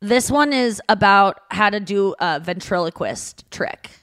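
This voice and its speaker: Female podcast co-host, mid pitch, loose chatty delivery, reads trivia aloud. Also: lively intonation, measured pace, a bit bright. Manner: chatty, reading out fun facts and posts. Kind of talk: casual podcast chat.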